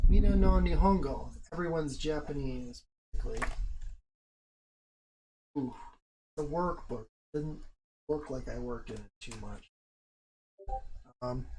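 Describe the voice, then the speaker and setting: Young man, live streamer, loose chatty talk, heavy swearing, faint noise behind. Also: medium pitch. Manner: profane, rambling, self-mocking. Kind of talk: casual live stream chat.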